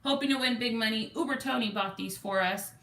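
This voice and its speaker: A woman's voice: fairly high pitch, fairly quick, bright, forceful tone, reverberant. A woman from Texas with a Texan accent, hosting a casual lottery scratch-off livestream and reading viewer comments aloud. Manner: chatty, reads viewer comments aloud and counts numbers.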